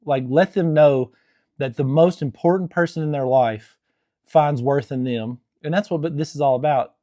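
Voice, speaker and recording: A man's voice: mid-range voice, warm tone, dry recording. A young man who is married and gives casual, earnest marriage advice to camera, rambling, with frequent restarts and fillers. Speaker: Christian marriage vlogger.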